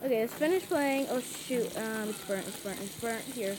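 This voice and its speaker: A woman's voice: on the high side, moderate pace, noisy background. A woman giving casual, frantic commentary while playing a game, pleading with customers and talking herself through each step. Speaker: gameplay commentator. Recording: game sizzle and frying sounds clearly under the voice.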